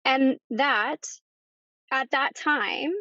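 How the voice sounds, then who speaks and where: Gravelly-voiced woman with a halting manner. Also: high-pitched, bright, forceful tone, no room sound. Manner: halting, with many pauses and repeated words. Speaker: podcast guest. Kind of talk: personal story in conversation. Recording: dull lo-fi dry recording.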